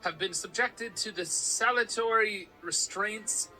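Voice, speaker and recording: A grandiloquent old-time gentleman, voiced by a man, reads out a formal proclamation in a put-on Canadian accent. The delivery is slow and stately, pitched higher than his normal voice. The tone is very bright and ringing. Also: faint music behind, heavily acted, poor audio. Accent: put-on Canadian attempt. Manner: slow, stately, exaggerated reading.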